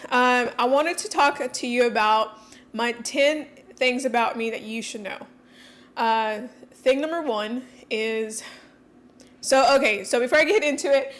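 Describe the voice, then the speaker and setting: Candid woman talking fast in a vlog. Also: fairly high pitch. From Mexican heritage. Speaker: coach and content creator. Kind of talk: casual personal vlog.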